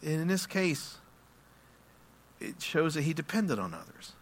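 A man preaching a sermon, moving between quiet explanation and loud, impassioned passages where he acts out prayers. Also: fairly high pitch, big pitch swings, measured pace. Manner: acts out prayers and quotes in his own voice. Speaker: pastor.

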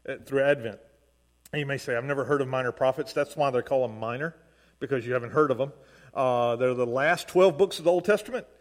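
A man's voice: medium pitch, long reverb tail. A man from Mississippi with a Southern accent, preaching a sermon in a folksy, self-deprecating way, often restarting his sentences and checking in with "right?". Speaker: pastor.

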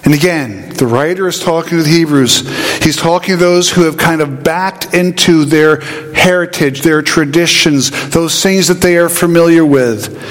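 High-pitched guy preaching, punchy questions then low asides, echoey church hall. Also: normal speed, faint music behind. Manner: emphatic, swings between high rising questions and low asides. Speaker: pastor. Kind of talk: sermon.

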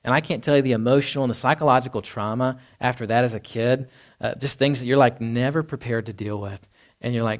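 Male pastor, mid-pitched voice, casual preaching style with acted-out quotes, tag questions. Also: fairly even intonation, a little fast. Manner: conversational, acts out quotes, frequent "right?". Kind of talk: sermon. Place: church hall before a congregation.

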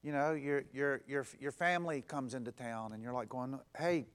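A pastor preaching a conversational sermon, stacking emphatic, repeated phrases and acting out what people say. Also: male voice, mid-range voice, moderate pace, fairly bright tone, clean tone. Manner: repetitive, emphatic build-ups.

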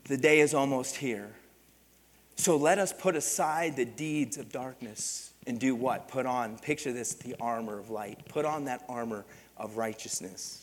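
Preaching pastor in a reverberant church. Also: male voice, medium pitch, a little slow. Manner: preaching with rising, emphatic repetition and calls to the congregation. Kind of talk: sermon. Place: church sanctuary. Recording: long reverb of a church hall.

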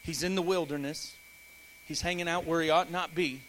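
High bright-voiced preaching man. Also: moderate pace, slight background noise, rough recording. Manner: animated preaching, playful asides, acts out voices. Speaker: pastor. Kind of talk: sermon. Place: church.

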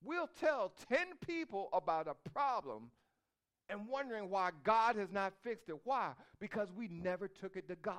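A man preaches a sermon in a notably high voice. He reads scripture in between, then stacks up repeated questions and phrases as he builds toward fervent emphasis. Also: moderate pace, a bit bright, clear, resonant tone. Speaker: pastor.

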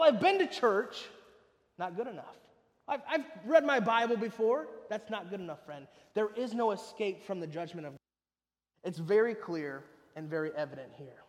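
A man preaches with a high voice, pressing hard on some lines and dropping to a hush on others. His words carry a long reverb, as if spoken in a large hall. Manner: emphatic, swings between loud and hushed. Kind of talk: sermon.

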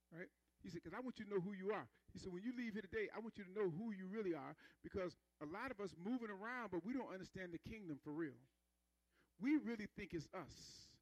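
A man's voice: high voice, no echo, low-quality recording. A man preaching a sermon in a conversational style, calling for responses from the congregation and building rhythmic emphasis.

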